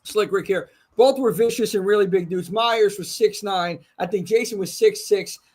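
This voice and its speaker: A man with a Brooklyn New York accent hosting a casual live horror chat, animated and joking, swearing freely. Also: sits high, moderate pace. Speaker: podcast host.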